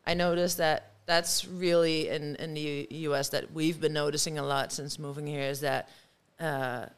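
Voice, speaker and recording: A woman from the Netherlands, a tattoo artist who speaks English as a second language, telling stories in a direct, lively way in a casual chat. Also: low voice, moderate pace, smooth. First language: Dutch. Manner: direct, animated storytelling with quoted voices.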